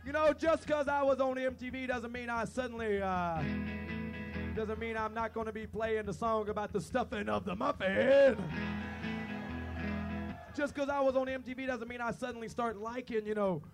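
Rowdy man with a gravelly voice. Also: extremely high pitch, steady tone, normal speed. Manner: rowdy, swaggering, shouting. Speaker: musician on stage. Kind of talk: profane rant between songs. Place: live concert stage. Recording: live gig with loud guitar. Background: guitar playing.

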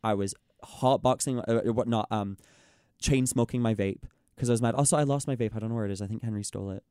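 A young man in casual chat, ranting in an exasperated, animated way and mimicking the people he quotes. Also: lowish voice, fast, clear, resonant tone, no room sound, clean studio sound. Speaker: podcast host.

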